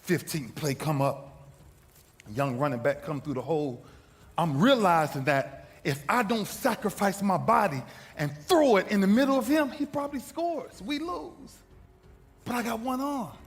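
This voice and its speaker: A man, a former football player, telling a story in an impassioned motivational speech, swinging from shouts to hushed near-whispers in a husky voice. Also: sits high, expressive, moderate pace. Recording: echoey hall with music underneath.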